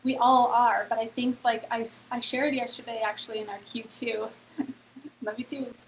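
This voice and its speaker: Woman host, slightly higher voice, easygoing live-stream motivational chat with a faint hum behind. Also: level tone, moderate pace, low-quality recording. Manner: chatty, heavy on "like" and "okay?", addresses viewers directly. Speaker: host of a free online event.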